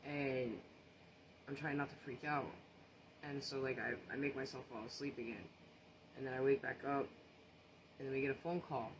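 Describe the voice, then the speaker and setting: A man's voice: mid-range voice, level tone, normal speed, pauses often. A man casually recounting a personal story, earnest and shaken, often restarting and repeating phrases. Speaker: social media storyteller. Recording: noticeable background noise.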